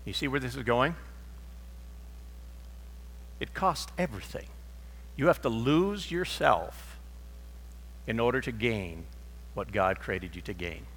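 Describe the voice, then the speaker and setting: A middle-aged man preaches in a church sanctuary, his tone bright and forceful. He tells stories and acts out their dialogue. A long reverb from the large hall hangs behind his voice. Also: mid-range voice, slow, pauses often, breathy edge. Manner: storytelling, acts out dialogue in quotes. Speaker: pastor. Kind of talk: sermon.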